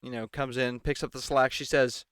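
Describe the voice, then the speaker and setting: Sarcastic man with a crisp, dry voice. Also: mid-range voice, level tone, normal speed, a bit bright, no room sound. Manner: mocking, mimics the anchors in exaggerated voices. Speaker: political commentator. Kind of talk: sarcastic solo commentary.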